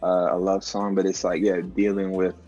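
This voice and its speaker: Speaking over music, a young man who is a musician guest gives a relaxed, reflective casual interview over a video call, using fillers throughout and often saying "like." His deep voice keeps a moderate pace, and the lo-fi call audio sounds dull.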